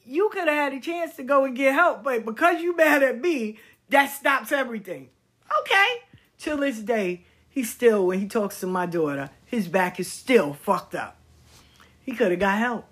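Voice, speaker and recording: A woman's voice: fairly high pitch, animated, normal speed, a bit bright, slightly rough. A middle-aged woman talking bluntly in a personal commentary vlog, swearing and repeating words for emphasis. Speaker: vlogger. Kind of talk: candid personal commentary monologue.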